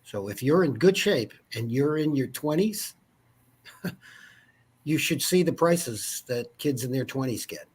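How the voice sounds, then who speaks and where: Husky fifties guy, insurance agent, rambly storyteller chatting away. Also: mid-range voice, expressive, unhurried. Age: 50s. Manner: rambling storyteller, many asides. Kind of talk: casual interview chat.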